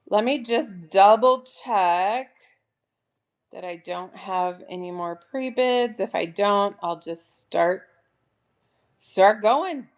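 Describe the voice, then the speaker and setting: A woman hosting a casual live sale from home, chatting warmly and gushing over each item. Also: medium pitch. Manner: chatty, gushing, addresses viewers as "you guys". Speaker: online live-sale seller. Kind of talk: casual live-stream selling chat.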